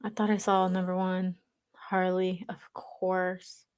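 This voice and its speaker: A woman's voice: lowish voice, flat delivery, takes it slowly, darkish tone, clear, resonant tone. A woman chatting casually with viewers on a livestream, teasing them and reading their comments aloud. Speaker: livestream reader.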